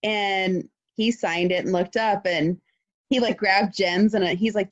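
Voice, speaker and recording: A woman co-hosting a podcast in casual chat, telling stories with excitement, acting out quotes and swearing freely. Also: mid-range voice, unhurried, no echo, muffled recording. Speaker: podcast co-host.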